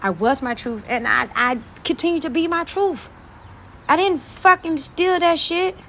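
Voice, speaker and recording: A woman vlogger delivering an angry, profane rant to camera, repeating phrases and swinging between loud outbursts and quieter asides. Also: high voice, unhurried, slight background noise.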